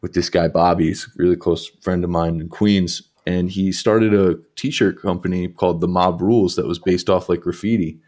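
A man's voice: sits low, fairly even intonation, moderate pace, hardly any pauses, a little mellow. A man, a guest artist on a podcast, talking in a laid-back casual way with lots of filler and some swearing. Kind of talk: casual chat.

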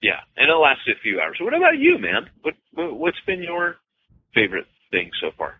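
A man's voice: fairly high pitch, huge pitch swings, moderate pace, vocal fry. A man co-hosting a podcast about church planting, talking loosely and jokingly with many fillers and restarts. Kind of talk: casual chat. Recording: dull lo-fi podcast audio with faint noise.

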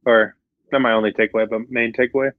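A man's voice: mid-range voice, fairly even intonation, quick pace, no room sound, narrow, tinny audio. A man musing in a casual chat, hesitant and full of fillers. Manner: hesitant, lots of fillers and restarts.

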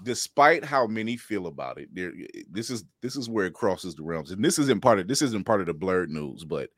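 A middle-aged man hosting a casual podcast chat, animated and laughing, acting out quotes in playful voices. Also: low-pitched, moderate pace, no room sound. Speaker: podcast host.

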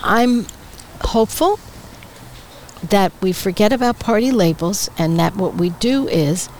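An older woman talks as a guest on an outdoor patio, spinning anecdotes and acting out what others said with a laugh. Her pitch sits at an ordinary middle height. Faint outdoor ambience and passing vehicles hum behind her. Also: measured pace, poor audio. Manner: lively storyteller, acts out quoted voices, laughs often. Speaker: guest, retired politician. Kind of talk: casual interview chat.

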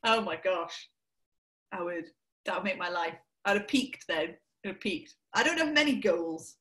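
A woman's voice: lowish voice, expressive, moderate pace, a bit bright. A woman comedian, a guest in a casual podcast chat, who talks playfully and teases her host. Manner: playful, teasing, laughs often.

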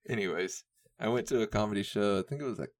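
On his solo podcast, a young man speaks in a lowish, animated voice at a fairly quick clip. His casual chat is rambling and profane, with frequent laughter.

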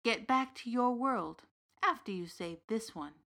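A woman reading the part of a big, gently knowing uncle from the fairy realm in an audiobook story. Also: a little high, expressive, unhurried, pitched above the performer's own voice, exaggerated voice. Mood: calm. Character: big warm Irish uncle, old fairy king's son.

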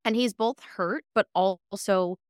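A woman's voice: mid-range voice, takes it slowly, no echo, studio quality. A woman co-hosting a podcast, telling stories in casual chat and acting out the dialogue. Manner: animated storyteller, acts out quoted dialogue. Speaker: podcast co-host.

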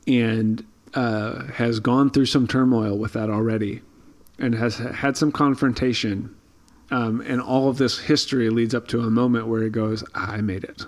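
A man's voice: medium pitch, steady tone, normal speed. Thoughtful man explaining scripture casually. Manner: thoughtful, many fillers and restarts. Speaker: podcast co-host. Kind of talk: casual Bible study discussion.

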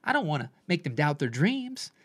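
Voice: medium pitch, sing-song, moderate pace. A podcast host and coach talking animatedly in a solo monologue, often dropping into quoted voices and asking "right?".

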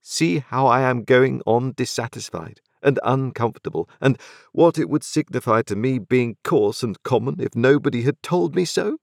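A man's voice: medium pitch, expressive, normal speed, creaky, no echo, studio quality, voice pushed up. A man voicing an earnest, restless young man in a storybook reading, pleading and impatient. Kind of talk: audiobook character reading.

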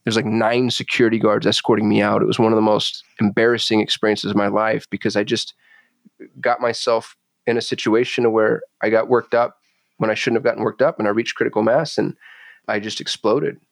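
A man as a podcast guest, talking candidly and intensely, cursing freely and growing animated as he tells his stories. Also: fairly low pitch, brisk, vocal fry, no room sound. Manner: intense, swearing, confessional, animated when retelling. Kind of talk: candid conversational storytelling. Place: Phoenix.

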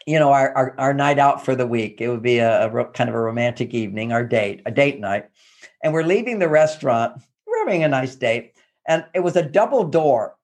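A man giving relationship advice through lively personal anecdotes, acting out what people said. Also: medium pitch. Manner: animated storyteller who acts out quotes. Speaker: guest relationship expert.

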